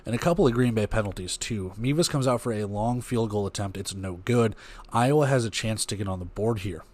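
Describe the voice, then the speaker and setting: A man hosting a casual sports recap, reading game stats and play-by-play in a rambling, conversational way. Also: medium pitch. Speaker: podcast host.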